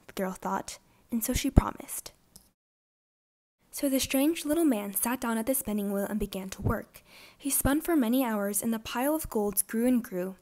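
A woman reading a fairytale aloud for young children, clear and expressive. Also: a little high, normal speed. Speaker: storybook reader. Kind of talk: children's storybook narration.

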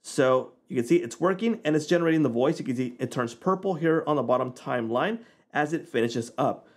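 A man hosting a software tutorial, talking in a relaxed, informal way as he clicks through the steps. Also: medium pitch, fairly quick. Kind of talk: casual screen-recording walkthrough.

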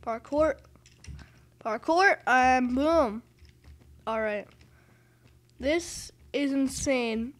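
A woman giving excitable, self-mocking commentary over her own gameplay and exclaiming at every failed jump. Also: high-pitched, very slow, pauses often. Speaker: gaming video host.

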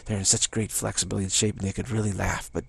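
A man's voice: deep voice, level tone, racing, creaky, slightly rough, no room sound. An older man giving an informal spiritual talk, rambling through anecdotes and acting out little dialogues with a chuckle. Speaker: spiritual teacher.

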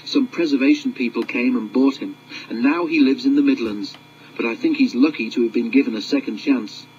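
A man's voice: mid-range voice, fairly quick, muffled recording, a little hiss or hum, natural voice. Wilbert, a man doing a storytelling engine. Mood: reflective. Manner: warm storytelling, cautionary. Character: friendly forest tank engine telling a tale.

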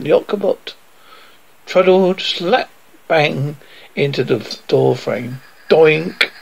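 A man's voice: on the high side, creaky, poor audio. A man reading a children's adventure story aloud, voicing the sound effects theatrically. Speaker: storyteller reading his book.

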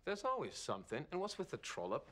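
A man's voice: on the high side, wildly swooping pitch, fast talker, a crowd in the background. An actor playing a sneering amnesiac male vampire with a British accent, snide and mocking. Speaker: TV drama character.

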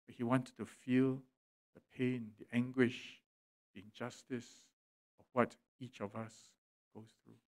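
A male pastor, preaching a sermon in church, swelling loud and dropping quiet for emphasis. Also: medium pitch, little pitch movement, slow pace. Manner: preaching with dramatic swells and drops in volume. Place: church sanctuary.

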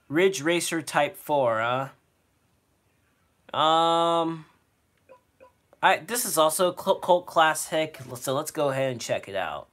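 A man streaming himself playing games, talking casually about what he picks next. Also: a little high. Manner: animated, reads game dialogue aloud in silly voices. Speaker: gaming streamer. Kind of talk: casual gameplay commentary.

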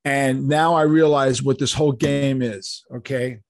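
A man's voice: mid-range voice, measured pace, creaky, no echo. An older man, a guest on an interview show, telling a story animatedly and acting out the dialogue. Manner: animated, acts out quoted dialogue.

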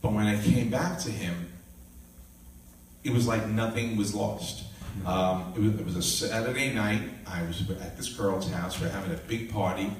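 An older minister in his sixties shares his testimony, acting out dialogue and laughing often as he tells the story with animation. His voice is on the low side at normal speed. The recording has a little hiss or hum, and he sounds distant in an echoey room.

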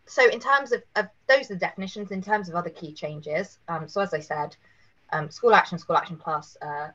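A woman, hoarse after a cold, giving a careful webinar presentation with many fillers. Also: sits low, fairly bright tone, highs cut off. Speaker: legal presenter.

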